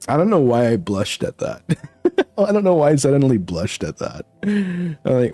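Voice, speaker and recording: A man chats with his stream audience at an easy, unhurried pace, breaking into giggles often. His pitch rises and falls with lively swings. The recording is dry and close, with faint background music. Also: breathy edge, no echo. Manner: giggly, laughs often, rambling. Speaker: VTuber streamer. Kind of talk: casual chat with viewers.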